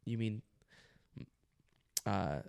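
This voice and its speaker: A man co-hosting a podcast in casual chat, teasing and quick with jokes. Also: on the low side, gravelly, a little mellow, smooth, dry recording, clean studio sound. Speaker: podcast co-host.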